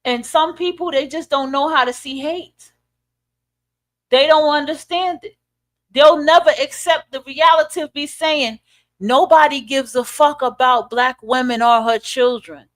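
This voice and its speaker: A woman's voice: high-pitched, unhurried. Profane, preachy woman podcast host. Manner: blunt, profane, preachy, with rhetorical questions. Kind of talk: ranting commentary monologue.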